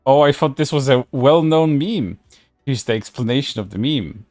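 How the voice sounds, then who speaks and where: A man's voice: medium pitch, lively intonation, normal speed, a little mellow, no echo, studio quality, soft background music. A man streaming casual commentary, reading posts aloud in a sarcastic way, laughing and swearing often.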